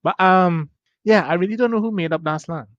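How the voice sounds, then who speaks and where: A man's voice: sits high, fairly quick, no room sound, dull audio. A man from Trinidad and Tobago, co-hosting a podcast in casual chat, rambling easily through his stories. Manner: easygoing, rambling storytelling. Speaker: podcast co-host.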